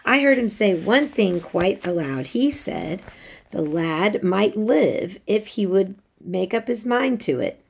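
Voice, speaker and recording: A woman's voice: mid-range voice, lively intonation, slow, vocal fry, breathy edge, full character voice. A woman reading aloud, voicing a sickly, spoiled boy who sounds cross and resentful. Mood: thoughtful. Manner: cross, complaining.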